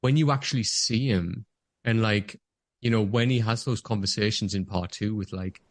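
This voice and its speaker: With a lowish voice at a moderate pace, this podcast co-host chats casually about a movie he loves, gushing enthusiastically and acting out quotes. The recording has no echo.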